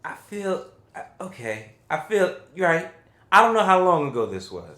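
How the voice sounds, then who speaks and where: A man's voice: high voice, big pitch swings, normal speed, a bit bright. A man co-hosting a casual film review podcast, talking hesitantly with many restarts and trailing-off phrases. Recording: echoey room.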